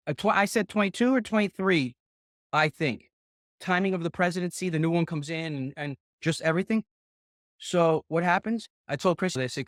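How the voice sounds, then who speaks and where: A middle-aged man talks in a rambling, excitable way, swearing freely as he coaches a group call. His voice sits a little high for a man. The sound is close and dry, with no room echo. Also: quick pace. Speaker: real estate investing mentor.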